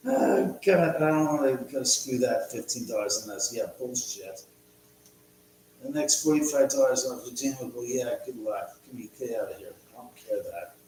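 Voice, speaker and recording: A man's voice: mid-range voice, lively intonation, normal speed, darkish tone, very echoey, slight background noise, poor audio. A man hosting a casual live stream from his home, rambling, muttering to himself and swearing often. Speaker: livestream host.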